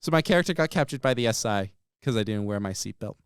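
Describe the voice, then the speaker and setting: A man co-hosting a podcast, telling a story in a casual, animated way with plenty of "um" and "like". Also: lowish voice, fast, smooth, no room sound, studio quality. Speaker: podcast co-host.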